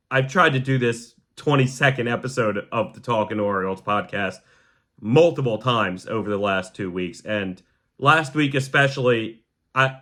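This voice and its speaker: A young man hosting a podcast, talking to camera in a heartfelt, halting way that sometimes sounds choked up. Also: mid-range voice, fairly bright tone. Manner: repeats the word "gang" to the audience. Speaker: podcast host. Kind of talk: emotional personal monologue to camera.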